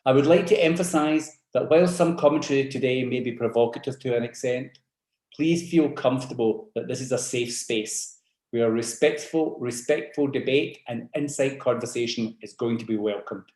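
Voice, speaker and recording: South african scottish guy opening a webinar, polite and measured, bit of room echo. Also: mid-range voice, a little mellow. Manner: measured, courteous announcements. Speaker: event host.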